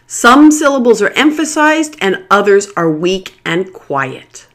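A pronunciation teacher reading a scripted lesson, enunciating single words slowly and carefully. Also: mid-range voice, fairly bright tone.

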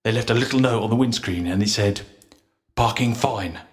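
A man reading jokes and short stories slowly and clearly for learners. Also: lowish voice. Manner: careful, deliberate. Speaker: storyteller.

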